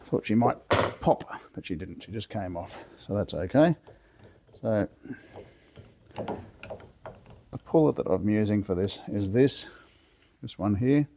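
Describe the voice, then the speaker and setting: A man with a cold and a hoarse voice, talking through a car chassis rebuild step by step in a relaxed, plain-spoken way from his home garage. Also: fairly low pitch, slow, pauses often, a little hiss or hum. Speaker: workshop builder demonstrating a chassis rebuild. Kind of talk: casual step-by-step how-to explanation.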